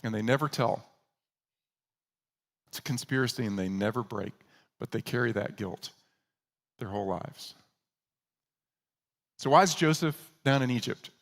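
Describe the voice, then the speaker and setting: A male pastor delivering a sermon at a middle pitch. He tells the story in an animated way and slips into the voices of the characters he quotes. His delivery is conversational and earnest. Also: moderate pace, vocal fry, long pauses, in a large hall.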